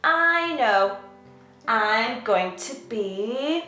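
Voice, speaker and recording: A woman's voice: a little high, expressive, very slow, pushed and bright, soft background music, exaggerated voice. A woman voicing a cheerful male wolf who dresses up as a superhero, speaking in a bold, bouncy and proud way. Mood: excited. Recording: echoey room.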